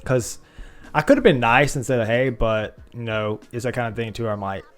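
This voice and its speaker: A man's voice: mid-range voice, normal speed, clean tone. A man in his twenties co-hosting a podcast, rambling with lots of hesitations in a casual chat. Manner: rambling, hesitant, laughs often. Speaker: podcast co-host.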